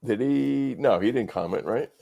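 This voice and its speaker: A man's voice: medium pitch, lively intonation, normal speed, creaky, dark tone, dull audio. A man chatting casually on a live show with laid-back, teasing interjections. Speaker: director and co-host.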